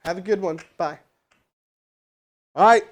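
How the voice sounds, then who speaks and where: A man hosting a live stream, teaching cold calling and rallying viewers in the chat in a loud, animated way. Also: high-pitched, a little slow. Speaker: host doing live sales calls.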